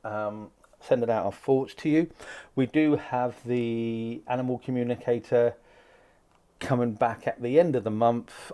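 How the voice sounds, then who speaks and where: Casting: male live-stream host, mid-pitched, chatty and rambling. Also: warm tone. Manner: chatty, greets viewers by name, rambling asides. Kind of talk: casual live-stream chat reading out viewer comments.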